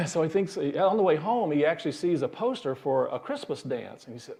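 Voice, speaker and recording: A man's voice: on the high side, lively intonation, brisk, creaky, hardly any pauses, darkish tone. A male minister giving a sermon in a folksy storytelling manner, chuckling at his own jokes.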